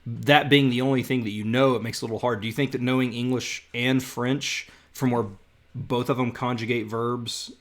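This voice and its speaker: A man's voice: medium pitch, fairly bright tone. A man hosting a live podcast over a video call, chatting casually and reading out viewer comments. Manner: conversational, reads out viewer comments. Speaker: podcast host.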